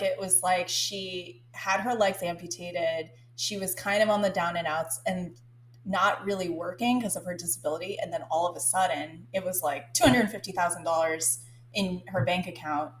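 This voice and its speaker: A woman's voice: on the low side, moderate pace, slight background noise. A young woman telling a story in a casual podcast chat, rambling with many ums and now and then breaking into giggles. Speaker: guest co-host.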